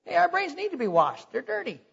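A man preaching a sermon in a church, animated and jokey, acting out mocking voices. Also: extremely high pitch, brisk, vocal fry. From Texas. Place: church sanctuary. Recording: dull sound with long hall reverb.

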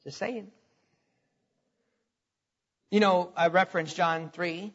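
A man preaching a sermon in a church, animated and jokey, acting out mocking voices. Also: high voice, slow, long pauses. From Texas. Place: church sanctuary. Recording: dull sound with long hall reverb.

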